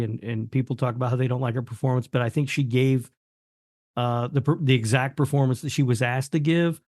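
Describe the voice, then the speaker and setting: A man co-hosting a horror movie podcast, casual and blunt, flatly dismissive. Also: mid-range voice, no room sound, clean studio sound. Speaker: podcast co-host. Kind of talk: casual chat.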